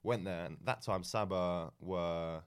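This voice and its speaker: A young man with a very low voice tells his story as a podcast guest. He rambles along in a relaxed, chatty way, full of ums and false starts. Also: slow pace, smooth. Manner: rambling, frequent ums and restarts, laid-back. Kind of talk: casual storytelling chat.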